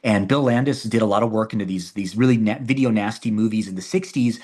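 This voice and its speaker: Speaking fast in a lowish, darkish voice, a man talks animatedly about his own filmmaking as an interview guest. It's casual conversation, and he often repeats words and restarts sentences.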